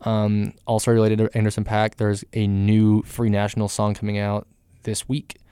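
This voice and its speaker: A man's voice: on the low side, monotone, moderate pace, dark tone, smooth, no room sound, clean studio sound. A man hosting a casual solo music news podcast, rambling with many fillers and giving candid opinions. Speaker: podcast host.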